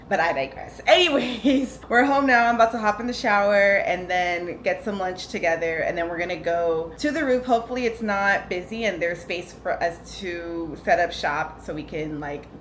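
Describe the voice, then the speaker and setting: A woman's voice: on the low side, low-quality recording. A woman vlogging casually to camera outdoors, chatty and upbeat, often addressing viewers as y'all. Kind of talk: casual vlog chat to camera. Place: outdoors on the street and on a rooftop. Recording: loud street noise behind.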